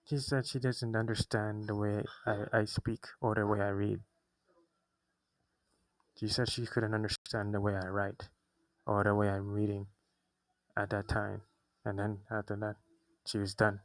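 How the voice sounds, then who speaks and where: Young guy vlogging, low voice, kinda monotone, keeps restarting sentences, dry sound. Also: measured pace, dry recording, rough recording. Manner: restarts sentences often, agitated recounting. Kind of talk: personal storytelling monologue.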